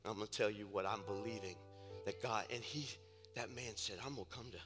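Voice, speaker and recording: A male pastor preaching a sermon in a church, moving from hushed storytelling asides to shouted preaching. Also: fairly low pitch, fairly even intonation, fairly quick. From Ohio, USA. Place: church sanctuary. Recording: church service with long reverb and faint music.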